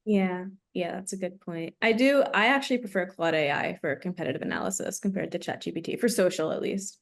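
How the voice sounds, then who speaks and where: A woman co-hosting a panel, speaking in a brisk, friendly casual way. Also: lowish voice, gravelly. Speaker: host. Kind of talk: casual chat.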